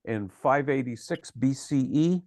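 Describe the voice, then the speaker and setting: A man's voice: mid-range voice, animated, measured pace, darkish tone, no room sound. A man leading a study session, explaining terms at length and correcting pronunciation, with frequent fillers. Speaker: teacher leading the discussion.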